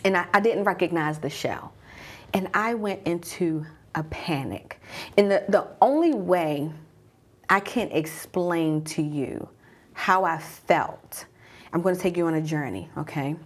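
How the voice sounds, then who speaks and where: A woman around forty, a mom coach, telling a personal story as a guided journey, dropping to a hush at tense moments. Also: on the low side, measured pace.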